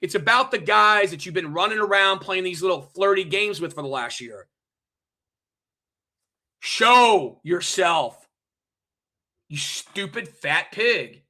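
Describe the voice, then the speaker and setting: Ranting stream host, male, high and piercing, swears and repeats himself at chat. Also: sharp tone. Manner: heated, profane, repetitive, addresses chat directly. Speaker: livestream host. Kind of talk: angry ranting livestream monologue.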